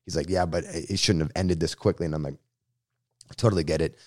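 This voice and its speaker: Fast-talking low-voiced man from Boston. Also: dry recording, clean studio sound. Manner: slangy, lively anecdotal telling. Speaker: radio host. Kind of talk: casual storytelling in an interview.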